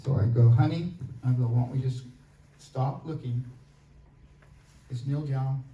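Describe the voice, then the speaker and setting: A man telling a personal story to a church group in a relaxed, plain-spoken way. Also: medium pitch, measured pace, highs cut off. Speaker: guest sharing a testimony. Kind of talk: casual storytelling testimony. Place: church hall. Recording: roomy hall, mic far off, faint noise.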